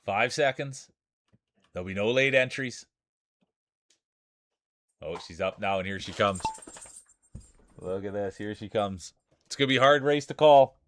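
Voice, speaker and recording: A man's voice: on the low side, a little slow, pauses often, a bit bright. A man with a Canadian accent, streaming and calling a marble race in a playful, hyped sportscaster manner. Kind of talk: mock race commentary.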